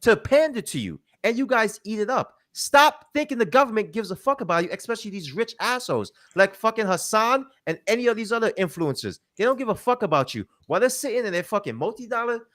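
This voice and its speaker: A man's voice: high voice, lively intonation, fast, few pauses, fairly bright tone. A man delivering a heated, profane commentary rant, emphatic and mocking as he quotes people he disagrees with.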